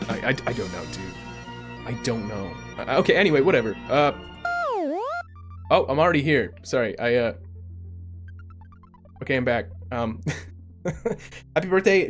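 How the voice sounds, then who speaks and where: A tired young man chatting loosely at the end of a livestream, his voice a little high and swinging up and down a lot. He stammers and giggles his way through, with faint music underneath. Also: animated, normal speed, long pauses. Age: 20s. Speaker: streamer. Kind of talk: casual chat ending a livestream.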